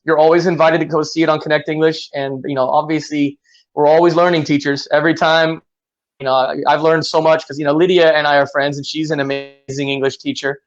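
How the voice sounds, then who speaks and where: A man with a Californian accent, an English teacher chatting in an interview and telling lively stories with playful asides. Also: fairly high pitch, a little fast, lo-fi sound. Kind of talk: casual interview chat.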